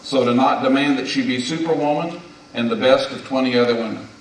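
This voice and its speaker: A man's voice: medium pitch, brisk. A man in his seventies addresses a conference hall of husbands in a sermon-style talk, driving each point home with insistent commands. His voice reaches a distant mic through a very echoey hall, and faint hiss sits underneath. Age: 70s. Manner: emphatic, hammers points with repeated "do not" commands. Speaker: marriage conference speaker.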